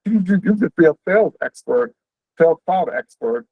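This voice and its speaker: A man hosting an info session on a video call, explaining career paths quickly and conversationally, checking in with "right?". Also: sits high, animated, husky, dry recording. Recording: tinny, phone-like dry audio.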